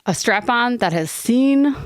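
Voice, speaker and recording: A woman co-hosting an advice podcast, talking in an earnest, rambling way with quick asides. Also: a little high, animated, no echo, studio quality. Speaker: podcast co-host. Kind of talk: casual advice chat.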